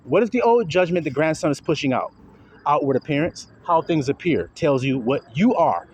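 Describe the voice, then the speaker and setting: Animated preaching man, high lively voice. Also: normal speed, a little hiss or hum. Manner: confrontational, profane, fires rhetorical questions; talks while walking. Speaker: self-styled religious teacher. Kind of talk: street preaching monologue.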